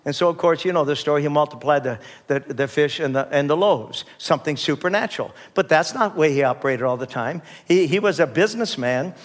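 A man's voice: a little high, fairly quick, hardly any pauses. A male pastor preaching a conversational sermon, often restarting his sentences and calling on the congregation for responses.

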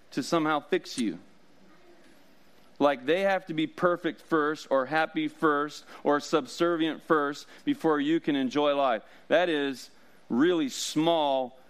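Male pastor, relaxed storytelling sermon, laughs at his own jokes, smooth clear tone. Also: on the high side. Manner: casual, joking, laughs often.

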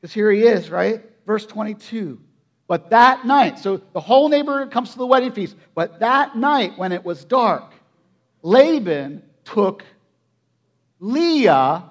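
High-voiced animated male preacher. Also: unhurried. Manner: animated storytelling, acting out voices, rhetorical questions. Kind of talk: sermon.

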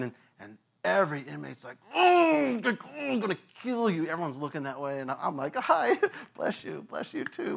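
A male pastor preaching a sermon, telling an animated story that acts out voices and sound effects, with many fillers and laughs. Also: medium pitch.

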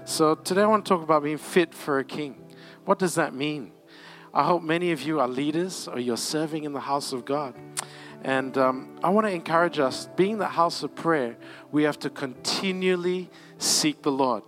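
A man's voice: on the high side, moderate pace, fairly bright tone, faint music behind. A man preaching a conference sermon in a church, conversational, with asides and light laughs. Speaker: pastor.

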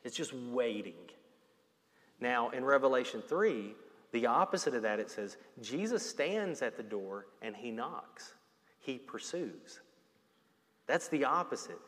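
A man delivers a sermon in a mid-range voice, earnest and expressive, his intensity swelling and easing. His words ring out with a long reverb, as if from a large hall. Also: mid-range voice. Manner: earnest preaching, rising and falling in intensity. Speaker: pastor.

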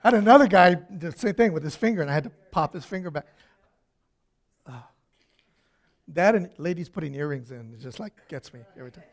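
A man preaches, telling anecdotes from his life and performing lively character voices as he swings between gentle asides and yelling. His voice leans high, his pace is slightly quick, and he leaves long pauses.

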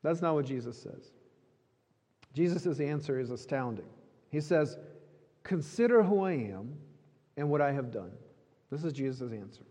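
A man's voice: on the high side, animated, moderate pace, pauses often, mellow. Man preaching in an echoing hall. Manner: earnest, emphatic preaching with repetition. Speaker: pastor. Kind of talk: sermon.

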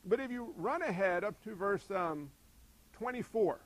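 A man preaching a sermon in an animated way, acting out voices and asking the congregation questions. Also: high voice, measured pace, poor audio. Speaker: pastor.

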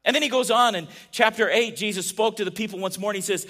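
A pastor preaching in a relaxed, conversational way, his voice sitting a bit higher than most men's. He keeps turning to his listeners with questions, dropping into quiet asides and then rising into emphatic peaks. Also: fast. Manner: animated, asks the audience questions, swings between soft asides and emphatic peaks. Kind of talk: conversational sermon.

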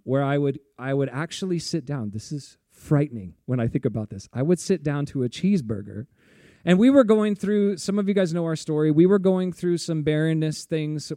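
A man's voice: on the high side, mellow, dry recording, studio quality. A man preaching a sermon in a casual, chatty way, laughing often and saying "like" a lot. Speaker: pastor.

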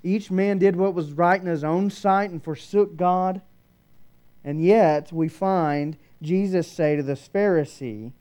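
A man preaching a sermon, shifting between loud emphatic declarations and hushed, quiet passages. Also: high voice, measured pace, clean tone. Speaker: pastor.

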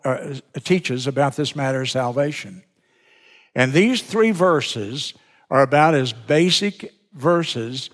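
A male pastor preaches in a church sanctuary, his voice sitting a little high for a man and trailing off into a long hall reverb. He takes his time, speaking slowly and deliberately and hammering key words through repetition. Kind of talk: sermon.

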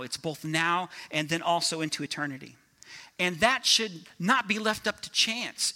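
Bright-voiced energetic man preaching. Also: high voice. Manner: energetic, asks the crowd for agreement. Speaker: pastor. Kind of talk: sermon.

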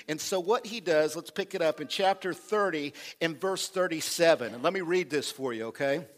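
A male pastor with a fairly high-pitched voice preaches an animated sermon. He calls for responses from the congregation and acts out quotes from the text.

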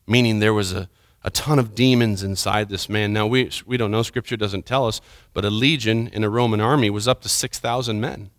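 A man preaching a sermon, retelling a scripture story with dramatic swings from urgent, loud passages to hushed, quiet ones. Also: lowish voice, fairly even intonation, a little fast, dry recording, clean studio sound.

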